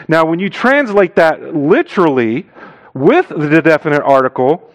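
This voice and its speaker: A man preaching a sermon as a missionary, stressing key phrases hard, dropping to quiet asides and putting rhetorical questions to the congregation. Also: expressive, unhurried, low-quality recording. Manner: emphatic, swinging between loud stressed phrases and low quiet asides.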